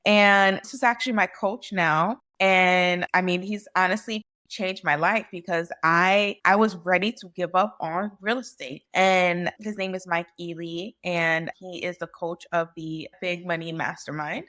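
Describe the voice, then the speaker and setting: A woman in her thirties, a physician guest, talking through a personal story in an animated, conversational way with frequent "like" and "right?". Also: fairly low pitch, measured pace, hardly any pauses. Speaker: physician and real estate investor guest. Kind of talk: casual podcast storytelling.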